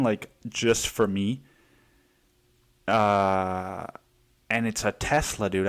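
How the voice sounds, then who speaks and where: A man from Mexico hosting a casual solo podcast, rambling and swearing freely as he tells stories about his day. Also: lowish voice. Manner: rambling, profane, storytelling with quoted voices. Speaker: podcast host.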